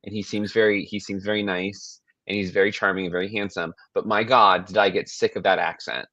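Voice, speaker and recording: A man with a lowish voice chats loosely on a podcast, swearing freely and breaking off mid-sentence. The sound is dry and a little dull, as if from a lo-fi mic. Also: a little fast, dry recording. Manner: rambling, animated, profane, trailing restarts. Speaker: podcast co-host. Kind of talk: casual chat.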